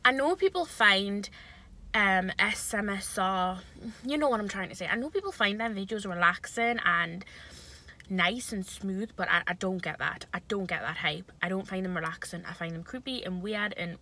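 A woman's voice: medium pitch, moderate pace, pushed and bright, rough recording. A young woman chatting casually to camera in a mukbang vlog, talking while she eats. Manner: chatty, talks while eating. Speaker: vlogger.

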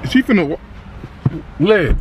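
A man's voice: high-pitched, lively intonation, normal speed. A young man filming a prank, teasing and laughing, then pleading. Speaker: prankster vlogger. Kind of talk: casual filmed prank. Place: in and around a parked car outdoors. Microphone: handheld camera. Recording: outdoor noise, traffic.

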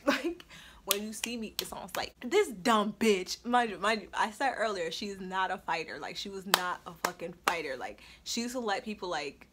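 A woman's voice: mid-range voice, expressive, moderate pace, background noise. A young woman telling a story on her vlog in a blunt, profane way, with frequent laughs. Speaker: storytime vlogger. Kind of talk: casual storytelling.

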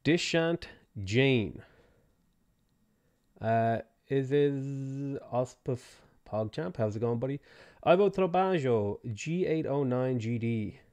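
A man hosts a live game stream, calling out viewers by name and tossing off short replies to their questions. His pitch sits in a middle register but swings around lively from phrase to phrase. The talk is loose and unscripted. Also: clean tone. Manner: greets chat viewers by name between game setup remarks; quick offhand answers to viewer questions. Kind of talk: casual live-stream chat.

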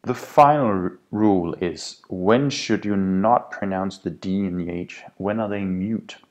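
A man with a Danish accent, a native Danish speaker, teaching a pronunciation lesson and repeating each sound slowly. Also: fairly low pitch, darkish tone. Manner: spells out sounds slowly, repeats example words. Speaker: language teacher.

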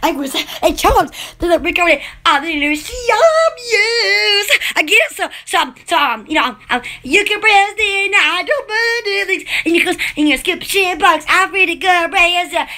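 A woman hosting a rambling, casual live chat with viewers, gushing with excited exclamations. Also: very high-pitched, moderate pace, hardly any pauses. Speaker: live-stream host chatting with viewers.

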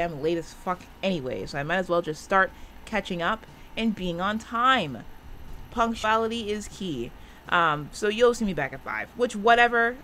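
A woman's voice: medium pitch, a bit bright, slight background noise. A woman giving casual, chatty gameplay commentary from her room at home, swearing freely. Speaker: gaming video creator.

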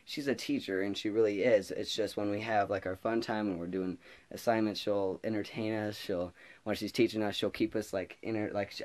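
Rambling teenage guy telling school stories. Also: lowish voice. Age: teens. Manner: rambling, laughing, animated retelling. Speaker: vlogger. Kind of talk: casual storytelling vlog.

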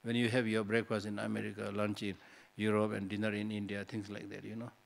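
A man's voice: lowish voice, monotone, fast talker, gravelly. A male Buddhist teacher giving a dharma talk in a hall, conversational and teasing, full of rhetorical questions.

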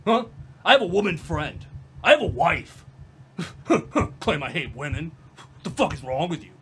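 A woman's voice: sits low, animated, unhurried, a bit bright, slightly rough, pitched below the performer's own voice, full character voice. A woman mocking a smug, indignant man. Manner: sneering parody.

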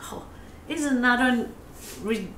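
A woman with an Australian accent and a slightly high voice talks slowly through a casual painting tutorial as an acrylic pouring artist. She coaches in a soothing, self-deprecating way. The room is echoey with faint ambience and background noise.

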